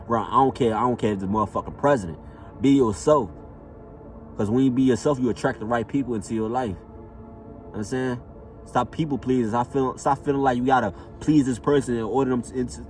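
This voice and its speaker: A man's voice: medium pitch, darkish tone. A man speaks a little away from the mic, so his voice sounds distant. Faint music plays under his casual, motivational monologue. He repeats his phrases for emphasis. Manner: repetitive, emphatic, casual slang with frequent "know what I'm saying". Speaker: motivational vlogger.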